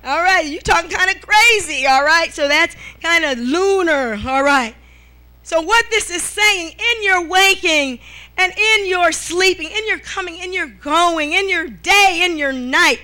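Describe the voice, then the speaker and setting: A middle-aged woman preaches a sermon in a high, bright voice. She punctuates her points with amen and hallelujah and checks in with the congregation by asking "all right?" Her delivery is lively and conversational. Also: measured pace.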